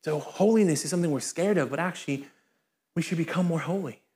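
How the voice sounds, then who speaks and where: High-voiced, lively male pastor. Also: fast. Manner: lively, joking asides. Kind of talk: sermon. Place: church in front of a congregation.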